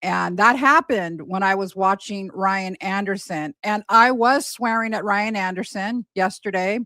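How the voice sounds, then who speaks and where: A woman's voice: medium pitch, a little slow, sharp tone, dry recording. Woman hosting a gossip live, rambly and chatty, lots of "you know"s, mid voice, dry close sound. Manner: chatty, rambling, heavy with fillers. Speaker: gossip livestream host. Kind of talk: casual live commentary.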